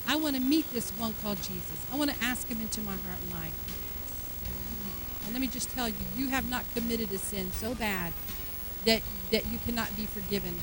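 A middle-aged woman pastor preaching a sermon, acting out everyday lines with animated energy, then turning to a hushed altar call. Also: on the high side, rough recording. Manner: soft, hushed invitation at the close.

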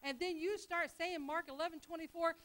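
A woman pastor preaching a sermon in a church, building to loud, fervent declarations and stammering into quick repeats. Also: very high voice, steady tone, low-quality recording.

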